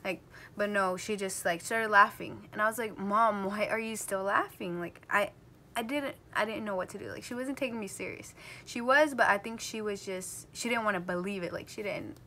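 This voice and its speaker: A young woman in her late teens from New Jersey talks straight to her camera in a casual storytime vlog. Her voice sits at an ordinary middle pitch, and she rambles along with plenty of "like" and "um." She sounds like she's filming at home. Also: fairly quick, sharp tone, a little hiss or hum. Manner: rambling, filler-heavy talk, full of "like" and "um". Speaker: vlogger.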